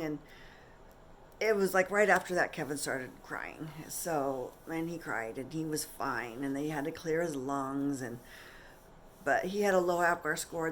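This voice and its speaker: A woman's voice: low voice, slight background noise. A middle-aged woman vlogger telling a personal story to camera in a chatty, candid way, acting out what others said. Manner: chatty, candid, animated retelling with quoted voices.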